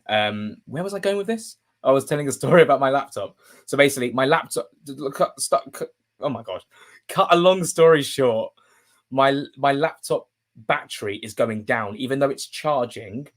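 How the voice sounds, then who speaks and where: A young man, a football journalist chatting casually on a live stream, rambling with fillers and restarts and breaking into emotional, excitable bursts. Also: mid-range voice.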